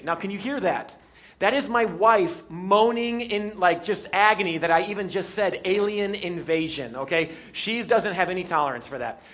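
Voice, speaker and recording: A man preaching a sermon in a lively, joking way, stopping now and then to act out scenes. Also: high-pitched. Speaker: pastor.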